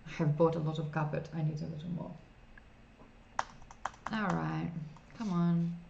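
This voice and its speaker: A woman's voice: deep voice, fairly even intonation, moderate pace, creaky. Chatty woman streaming games. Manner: chatty, reading chat aloud while playing. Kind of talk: casual gameplay commentary. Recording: slightly dull streaming mic audio with faint noise.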